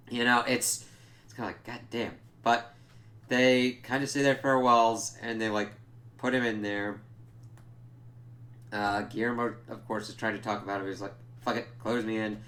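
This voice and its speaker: A man's voice: on the low side, a bit bright. A man giving a casual, rambling spoiler review of a TV episode, with lots of filler words and swearing.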